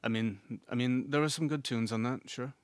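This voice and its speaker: A man's voice: mid-range voice, brisk, clean tone, dry recording. A man co-hosting a casual podcast, rambling and laughing often, with an easy, profane way of talking. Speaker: podcast co-host.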